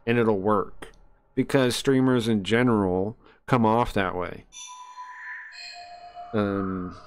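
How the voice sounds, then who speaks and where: A man's voice: medium pitch, a little hiss or hum. Profane, indignant male streamer. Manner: profane, indignant, laughs mid-sentence. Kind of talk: casual rant while gaming.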